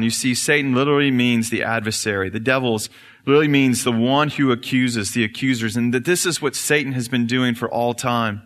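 A man's voice: medium pitch, steady tone, brisk, a bit bright. A male pastor preaching an earnest, explanatory sermon in a church. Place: church sanctuary. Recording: reverberant church hall.

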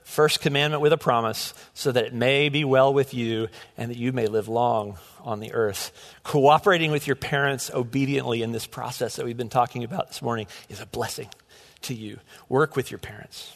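A man's voice: mid-range voice, normal speed. A middle-aged man preaching a sermon as pastor, earnest and often restarting his words. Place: church sanctuary. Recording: long hall reverb.

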